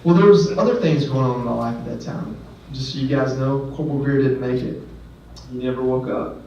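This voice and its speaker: A man's voice: medium pitch, brisk, gravelly, dark tone. A man who is a guest speaker at a ceremony, telling a personal story in an earnest, conversational way with self-deprecating asides. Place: ceremony venue. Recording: echoey hall, distant mic, dull sound, faint background noise.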